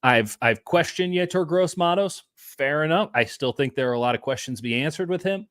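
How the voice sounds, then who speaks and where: A man hosting a casual sports podcast, talking with animated swings between loud and soft. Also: fairly high pitch, a little fast, smooth, dry recording, studio quality. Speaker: podcast host.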